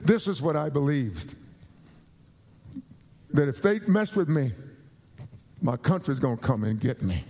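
Gravelly man preaching with rising emphasis. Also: a little mellow. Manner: builds emphasis with rising pitch and repeated phrases. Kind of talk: sermon.

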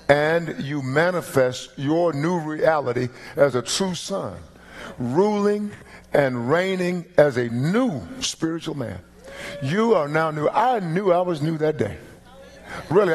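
A middle-aged man preaching a sermon as pastor, animated and emphatic, with rising peaks. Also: on the high side.

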